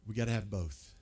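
A man's voice: fairly low pitch, dark tone. A male pastor preaching a sermon in a conversational way, asking the listeners questions and often stumbling over and repeating his words.

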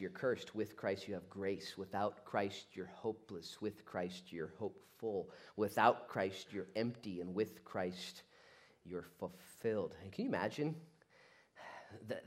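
A man preaching a sermon, swinging between loud outbursts and quiet asides and acting out quoted voices. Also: lowish voice, lively intonation, normal speed, slightly rough. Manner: acts out quoted voices of God and listeners. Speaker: pastor.

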